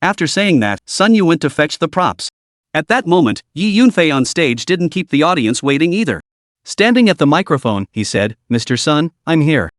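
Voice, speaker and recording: A man's voice: on the high side, big pitch swings, moderate pace, no echo, clean studio sound. A man narrating a comic story recap in a scripted storytelling style, voicing every character himself.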